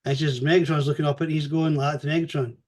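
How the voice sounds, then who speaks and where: A man giving a casual spoken review, animated and chatty, swearing freely as he retells the story. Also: on the high side, fast.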